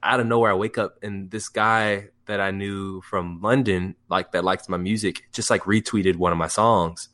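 A young man telling a story as a guest in a casual interview, rambling and excitable, full of fillers. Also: deep voice, normal speed, few pauses. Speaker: music producer guest.

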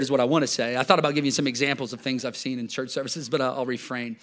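A middle-aged man preaching a sermon as pastor, talking conversationally and swinging between loud bursts and hushed asides, often restarting and repeating words. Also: medium pitch, steady tone, fast, hardly any pauses.

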